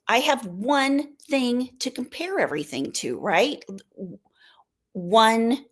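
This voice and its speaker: A woman's voice: medium pitch, fairly bright tone. An American woman hosting a casual live stream, chatting in a rambling way and answering viewer comments. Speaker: livestream host.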